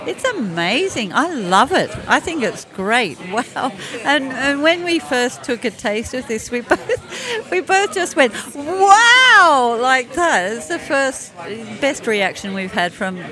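A woman's voice: a little high, sing-song, unhurried, fairly bright tone. A woman co-hosting a podcast in casual chat from a brewery taproom. She is chatty, trails off and gropes for words. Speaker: podcast co-host. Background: crowd chatter.

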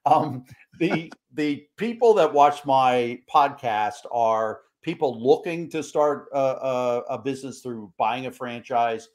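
A man's voice: mid-range voice, expressive, slow. Older man hosting a podcast, rambling. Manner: rambling, restarts his questions. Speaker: podcast host. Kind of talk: casual podcast interview.

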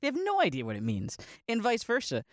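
Young guy, loose rambling monologue, laughs often, bit high, dry close mic. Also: huge pitch swings, quick pace, no room sound. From Northeast Ohio. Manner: rambling, laughs often, many likes and restarts. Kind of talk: casual monologue.

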